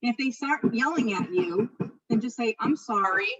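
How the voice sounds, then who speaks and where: A woman leading a live real estate training session, chatty and animated, often stopping herself mid-thought. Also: a little high, moderate pace, slightly rough, distant mic, dull audio. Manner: chatty, animated, self-interrupting.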